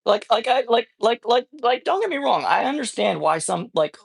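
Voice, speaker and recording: A man talks off the cuff on a home livestream, wandering from thought to thought with playful restarts. His pitch swoops up and down in a lively way. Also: normal speed, gravelly, breathy edge, poor audio. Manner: rambling, playful, many restarts. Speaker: streamer. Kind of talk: casual livestream chat. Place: home with cats.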